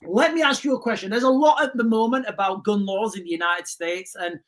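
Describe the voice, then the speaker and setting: A man's voice: high-pitched, brisk, a bit bright. Man, livestream host, emphatic rant, repetitive, questioning the audience. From United Kingdom. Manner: emphatic, repeats himself, asks viewers questions. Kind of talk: ranting livestream commentary.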